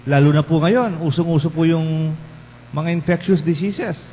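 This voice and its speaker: A Filipino-accented priest from the Philippines, speaking a little fast in a fairly high, slightly mellow voice, offers a conversational bilingual homily and quizzes the congregation with rhetorical questions. The recording, made in a large church, has a long reverb and a faint hum.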